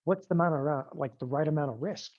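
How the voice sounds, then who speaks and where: A man's voice: fairly high pitch, quick pace, darkish tone. Guy hyping a trading webinar, really emphatic, keeps saying okay, kinda dull lo-fi sound. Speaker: trading instructor. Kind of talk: online seminar sales pitch.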